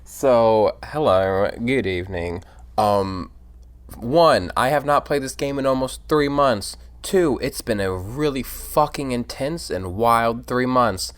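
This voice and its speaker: A man's voice: mid-range voice, takes it slowly, clear, resonant tone, dry recording. A drunk man casually rambling and giggling through a let's play, reading the game's lines aloud.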